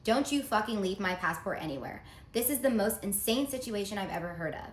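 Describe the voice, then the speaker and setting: A woman's voice: mid-range voice, lively intonation, a little fast. A woman telling her own story in a casual storytime monologue, earnest and confiding, reading out text messages as she goes. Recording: roomy echo, faint background noise.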